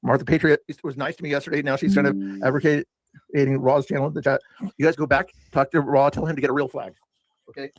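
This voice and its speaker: A man's voice: mid-range voice, little pitch movement, quick pace, dry recording. Rambling older man talking to chat. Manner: chatty, talks to chat viewers, self-mocking. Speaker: streamer reviewing his own past stream. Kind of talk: rambling live-stream commentary.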